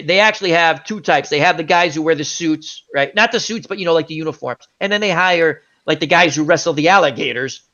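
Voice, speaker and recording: A man hosting a casual chat show, telling a long rambling story with lots of asides. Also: on the high side. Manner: rambling, animated anecdote with many asides. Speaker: host. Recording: dull lo-fi audio.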